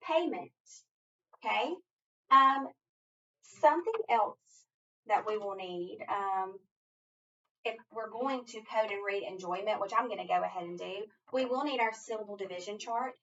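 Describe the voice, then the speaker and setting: A woman reading teacher encouragingly guides a student through a phonics lesson step by step. Her medium-pitched voice is pushed and bright at normal speed, captured on a distant, dull lo-fi recording.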